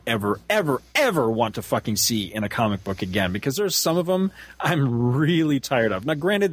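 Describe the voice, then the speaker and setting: A man's voice: medium pitch, breathy edge, no room sound. A man in his forties co-hosting a casual podcast, ranting with profanity and frequent laughter. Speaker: podcast co-host. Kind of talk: casual comic-book discussion.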